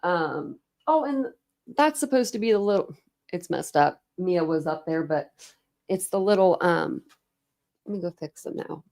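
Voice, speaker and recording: Chatty woman with a gravelly voice. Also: fairly low pitch, animated, measured pace, darkish tone. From United States. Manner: chatty and rambling, with frequent laughs and fillers. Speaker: true crime livestream host. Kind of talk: casual livestream chat with viewers. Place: home room. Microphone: desk camera setup.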